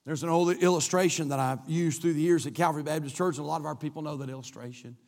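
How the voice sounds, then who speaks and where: A man's voice: a little high, fairly even intonation, quick pace, darkish tone, big-room sound. A male pastor delivering an emphatic, repetitive sermon in a church, swinging his delivery up and down. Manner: emphatic, repetitive preaching with rising and falling delivery. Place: church sanctuary, live-streamed.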